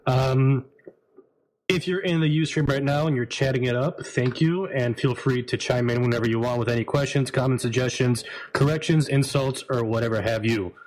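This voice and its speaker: A man's voice: medium pitch, moderate pace, darkish tone, rough recording. Easygoing male podcast host. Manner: easygoing, laughs often, introduces guests. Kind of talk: casual group podcast chat.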